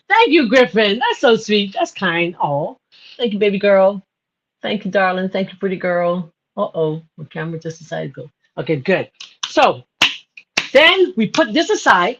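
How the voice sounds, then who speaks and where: A woman's voice: mid-range voice, big pitch swings, measured pace, fairly bright tone. Bahamian woman, home cook host, casual and chatty, muffled livestream audio. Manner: chatty, laughs often, greets viewers by name. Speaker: cooking show host. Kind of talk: casual live cooking demo.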